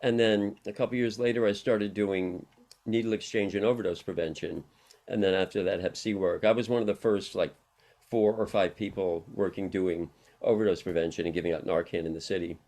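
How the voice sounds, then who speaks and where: Speaking low and steady, with a slightly mellow quality and a somewhat fast pace, this middle-aged harm reduction worker is being interviewed. It's a casual storytelling conversation: he wanders through lengthy personal tales and laughs frequently along the way.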